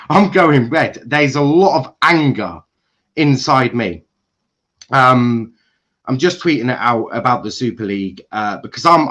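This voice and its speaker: Furious swearing football fan. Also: male voice, fairly high pitch. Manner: furious, swearing, shouting bursts. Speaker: football livestream host. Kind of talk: angry fan rant on a livestream.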